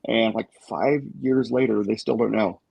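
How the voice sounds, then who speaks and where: Casual co-host: gravelly, breathy-edged man, halting and reflective, dry mic. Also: on the low side, steady tone, no room sound, lo-fi sound. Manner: thoughtful, halting with many fillers. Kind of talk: casual group chat.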